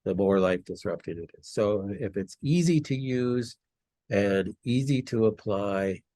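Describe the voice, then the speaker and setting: Deep-voiced man hosting, dry sound. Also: a little slow, dry recording. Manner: relaxed, with frequent restarts. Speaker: host. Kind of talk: casual interview talk.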